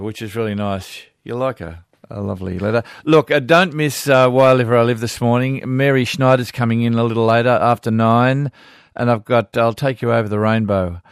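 A man's voice: on the low side, clear, resonant tone, no echo, clean studio sound. Australian man hosting a radio show. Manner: relaxed, chatty, reads listener letters aloud. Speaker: radio host. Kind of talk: casual radio chat. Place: radio studio.

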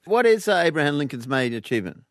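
A man's voice: fairly high pitch, sing-song, quick pace, no echo, clean studio sound. A man hosting a casual comic chat, asking playful, teasing questions. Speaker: host.

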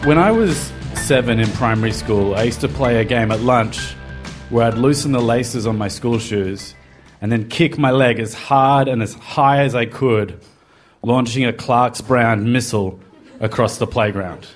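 Faint music plays behind a man with a medium-pitched, unhurried voice. He tells a live podcast audience a personal story in a confessional way, wry and self-deprecating.

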